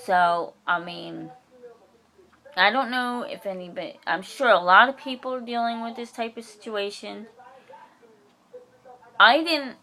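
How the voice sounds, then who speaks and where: A woman with a bright, forceful voice rants in a casual vlog. She talks bluntly and heatedly, swears freely, and acts out the sharp things she said back. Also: medium pitch, measured pace, long pauses. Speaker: vlogger.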